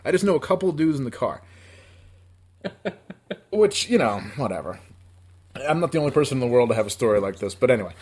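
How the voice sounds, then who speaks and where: A podcast co-host in his thirties from upstate New York tells a long story, rambling, profane, and casual, laughing often. His medium-pitched voice is sing-song and a little mellow and slightly rough, moving a little fast but with long pauses.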